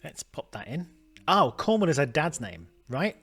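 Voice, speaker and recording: A man's voice: fairly high pitch, very animated, moderate pace, a bit bright, husky, soft background music. A man hosting a let's play, puzzling aloud over a detective game and often trailing off mid-sentence. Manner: thinking aloud, trailing off and restarting. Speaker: gaming video host.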